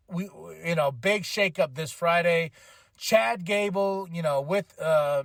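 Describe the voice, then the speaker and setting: On his podcast, a man rambles animatedly through a wrestling recap, voicing other people's quotes. The high-pitched delivery comes through dry and studio-clean.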